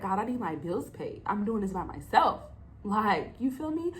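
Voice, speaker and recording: Her voice sits at medium pitch but swings widely, moving at a moderate pace over a rough recording. The young adult woman hosting this casual solo podcast speaks emotionally and preachily, acting out her dialogues with God.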